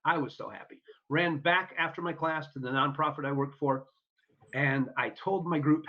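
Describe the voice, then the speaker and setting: A man's voice: fairly high pitch, fairly quick, pushed and bright. A man guesting on an interview show, telling stories in an earnest, upbeat way and acting out the people he quotes. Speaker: podcast guest. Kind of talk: casual storytelling interview. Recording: dull lo-fi audio.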